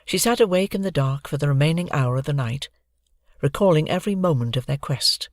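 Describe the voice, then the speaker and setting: An audiobook narrator reading a children's adventure novel in a lively, expressive manner, close to the microphone. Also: mid-range voice, a little fast, no echo.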